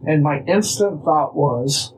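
Animated man telling a story. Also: a little high, takes it slowly, a little hiss or hum, poor audio. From Illinois. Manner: animated, acts out dialogue, restarts phrases. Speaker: guest. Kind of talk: casual storytelling.

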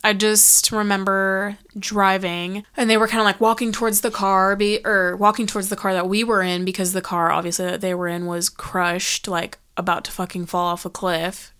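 Clear-voiced woman, blunt and profane. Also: mid-range voice, little pitch movement, normal speed, hardly any pauses, a bit bright. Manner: blunt, heavy swearing, quotes herself dramatically. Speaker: podcast guest. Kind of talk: casual storytelling.

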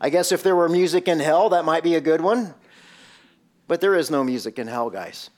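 A man's voice: fairly high pitch, a little fast. A male pastor preaching a sermon, emphatic and full of rhetorical questions.

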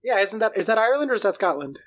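A man co-hosting a podcast in casual chat, swearing freely, animated and jokey. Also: high-pitched, very fast. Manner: football fan. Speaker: podcast co-host.

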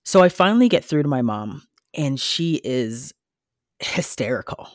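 Animated woman telling a story. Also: rumbling low, measured pace, dry recording, clean studio sound. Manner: animated storytelling, acting out quoted dialogue. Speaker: nurse and podcast guest. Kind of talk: casual podcast conversation.

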